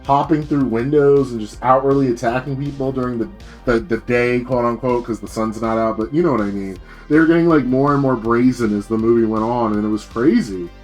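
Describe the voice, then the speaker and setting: A man's voice: medium pitch, fairly even intonation, a little fast, darkish tone, faint music behind. A man streaming as a VTuber, rambling in a casual rant full of fillers and swearing.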